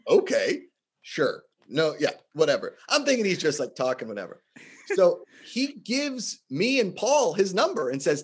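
Guy from the states spinning stories on a podcast, lively, does little voices for people. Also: on the high side, measured pace, husky. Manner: animated, acts out quotes with shifting voices. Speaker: podcast guest telling stories. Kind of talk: casual storytelling chat.

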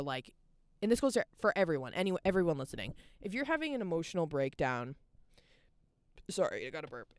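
Young woman, podcast host, casual rambling talk, smooth clear voice, dry close sound. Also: deep voice, no echo. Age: young adult. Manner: candid and rambling, heavy use of "like". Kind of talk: casual personal monologue.

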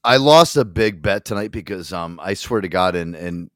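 A man's voice: low-pitched, animated, normal speed, fairly bright tone. A man co-hosting a casual chat, stammering and swearing, stuffed and queasy after a huge meal. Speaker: co-host.

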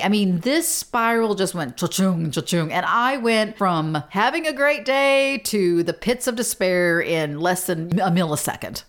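A middle-aged woman hosting a podcast, telling a story in a casual, animated, self-deprecating way with frequent laughs. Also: fairly low pitch, unhurried, hardly any pauses. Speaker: podcast host.

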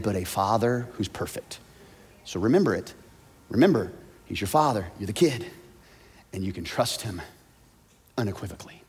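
A man preaching a sermon as pastor, swinging between loud, urgent lines and soft, low ones. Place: church sanctuary. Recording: long hall reverb.

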